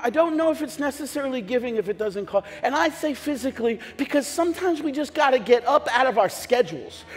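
Brief: male pastor, high voice, joking storyteller with shouted bursts, long echo in a church hall, faint music. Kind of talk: sermon. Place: church sanctuary.

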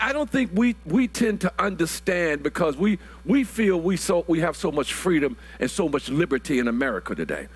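High, lively-voiced preacher in his sixties. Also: husky. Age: 60s. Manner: builds to shouted, drawn-out preaching, repeats words. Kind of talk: sermon.

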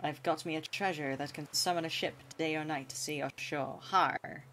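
A woman's voice: low-pitched, steady tone, slow. A woman streamer voicing a bumbling, boastful male seagull pirate with a hammy pirate accent, reading game dialogue aloud.

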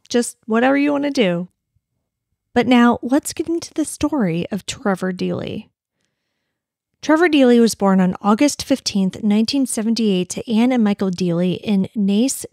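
A woman's voice: fairly high pitch, dry recording, studio quality. A woman hosting a true-crime podcast, talking casually with frequent apologies and laughs. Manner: chatty, apologetic, laughs often. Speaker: podcast host.

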